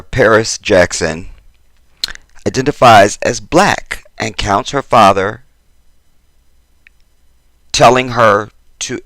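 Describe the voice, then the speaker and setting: A man's voice: on the low side, dry recording. Exasperated man ranting to his viewers. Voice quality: swings between loud emphasis and muttered asides. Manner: exasperated, chatty, addresses viewers directly. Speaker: YouTube commentator. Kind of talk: casual commentary vlog.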